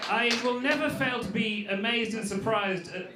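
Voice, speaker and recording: A man's voice: high voice, moderate pace, heavy background noise. A male comedian and freestyle rapper working the crowd on stage, talking in a wry, chatty way with a laugh in his voice. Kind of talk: stand-up crowd work. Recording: roomy live venue with crowd. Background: audience voices.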